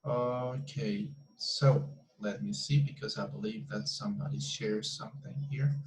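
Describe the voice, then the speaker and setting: A man's voice: fairly low pitch, fairly even intonation, a little slow, echoey room, poor audio. A man leading an online English class, correcting students with frequent restarts and repeated words. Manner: repeats words while explaining, hesitant restarts. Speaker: English teacher.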